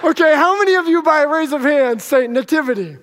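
A man's voice: extremely high pitch, quick pace, fairly bright tone, slight background noise. A male pastor preaching a sermon to a live congregation, conversational and joking with the audience. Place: church sanctuary with live congregation. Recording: long hall reverb.

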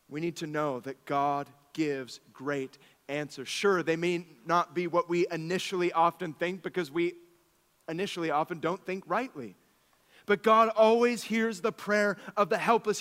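A man in his thirties, a pastor preaching a sermon, telling stories with animated swings from soft asides to exclamations. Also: sits high, in a large hall.

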